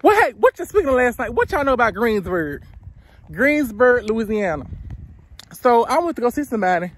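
A woman in her twenties chatting casually while walking outdoors, out of breath, giving blunt, profane advice straight into a handheld phone camera. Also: medium pitch. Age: 20s. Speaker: vlogger. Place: outdoors on roadside near woods.

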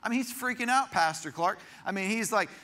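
A man's voice: high-pitched, expressive, a little fast, sharp tone. A man, a pastor, preaching a sermon in a church, telling stories in a conversational way with frequent restarts. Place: church sanctuary.

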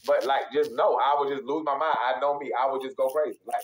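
A man's voice: mid-range voice, fast, few pauses, slight background noise, poor audio. A young man, ranting heatedly on a live stream, profane, repetitive and emphatic.

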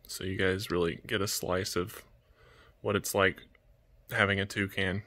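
Man, casual home vlog, gentle and soft-spoken, bright forceful tone, lowish voice. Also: flat delivery, a little slow. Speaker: vlogger, toucan keeper. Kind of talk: casual vlog talk to pets and viewers. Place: indoors at home with pet birds.

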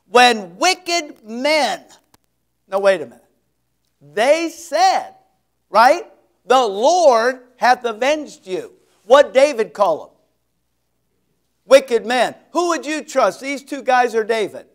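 A male pastor preaching an expository sermon, reading scripture slowly with heavy emphasis and dropping folksy asides. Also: extremely high pitch, big pitch swings.

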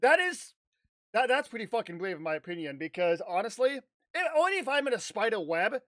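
A man telling a casual, animated story on his vlog, rambling with restarts and the odd swear word. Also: high voice, fairly quick, no echo. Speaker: YouTuber.

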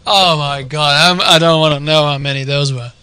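Excitable Dutch-accented young male game caster. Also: a little high, brisk, clear, resonant tone, dry recording. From Netherlands. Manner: swings from quiet musing to shouting excitement. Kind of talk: excitable live game commentary.

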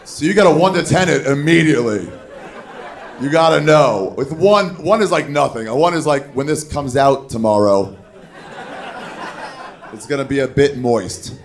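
A man doing a stand-up comedy set on a club stage, telling a story with animated, shouted put-on voices. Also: mid-range voice, moderate pace, pauses often, slight background noise. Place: comedy club stage before a live audience. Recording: live club recording with crowd. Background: audience laughter.

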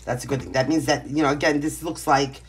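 A woman's voice: low-pitched, fairly even intonation, quick pace, slight background noise. Blunt, brash Brooklyn woman reading tarot. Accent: Brooklyn New York. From Brooklyn, New York. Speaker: tarot reader. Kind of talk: casual tarot reading to camera. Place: home, pets nearby.

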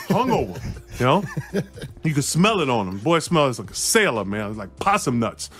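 A man telling an excited, laughing anecdote about his playing days, in a played clip with faint music under it. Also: medium pitch, normal speed. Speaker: former player telling a story. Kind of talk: animated storytelling clip.

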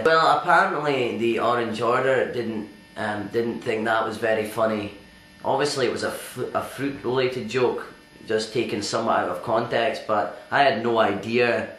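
An actor playing a self-important, deluded male stand-up comedian, boastful and halting with fillers, recorded in an echoey venue. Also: lowish voice, fairly bright tone, slight background noise, lightly acted. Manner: pompous and boastful, hesitant with fillers. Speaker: interviewee in a sketch.

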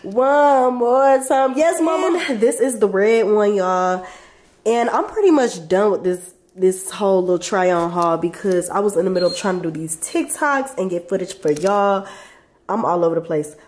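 Her voice sits fairly low and darkish, moving at a moderate pace, as the young mother vlogs from her bedroom. Sick and aching, the lifestyle vlogger chats casually with her audience, saying "y'all" at every turn.

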